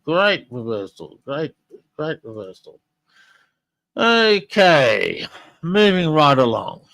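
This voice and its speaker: Chatty rambling podcast host, dry sound. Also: male voice, on the high side, sing-song, slow pace, vocal fry, pauses often, fairly bright tone, dry recording, poor audio. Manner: rambling, chatty, many fillers and restarts. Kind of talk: casual live podcast commentary.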